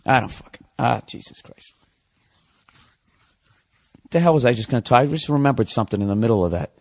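A man's voice: medium pitch, lively intonation, brisk, creaky. A man hosting a podcast, telling a comic story in a profane, ranting monologue. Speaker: podcast host.

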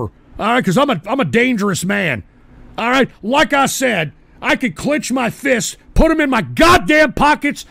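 Into a desk microphone, a call-in stream host with a high-pitched, heavily fried voice hurls profane, belligerent rants at his chat, frequently shouting. There's no room sound.

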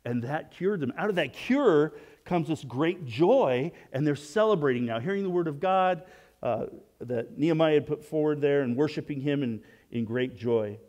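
A man preaching a sermon in a conversational way, asking rhetorical questions and often restarting his sentences, and dropping to a soft hush when he voices prayers. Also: on the high side, expressive, normal speed. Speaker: pastor.

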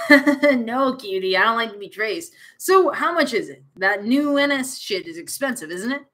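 A woman's voice: a little high, animated, moderate pace, fairly bright tone. Woman doing a brash, laughing young guy. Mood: teasing. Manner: laughing, brash, teasing drawl.

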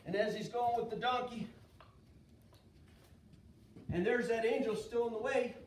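Lively high-voiced man telling kids a Bible story. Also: a little slow. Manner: lively, asks kids questions. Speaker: children's church teacher. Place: church kids' room. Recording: echoey room, far from mic, faint noise.

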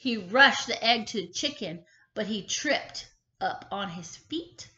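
Expressive teacher reading a storybook. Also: female voice, mid-range voice, slow. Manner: expressive, stops to ask children questions. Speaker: kindergarten teacher. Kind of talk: reading a picture book aloud to children. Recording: echoey room, slightly dull sound.

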